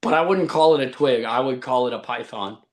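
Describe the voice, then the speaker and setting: A man's voice: mid-range voice, brisk. A man on a live stream, telling boastful tall tales with a straight face. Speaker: stream co-host. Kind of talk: joking live-stream banter.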